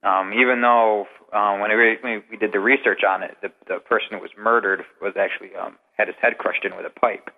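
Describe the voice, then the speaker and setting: A man with a somewhat low voice calls into a show as a guest investigator. He tells long, rambling anecdotes in an easy, conversational way. The sound is narrow and phone-like, with a long reverb trailing behind it. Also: steady tone, a little fast, gravelly, few pauses. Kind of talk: casual storytelling interview.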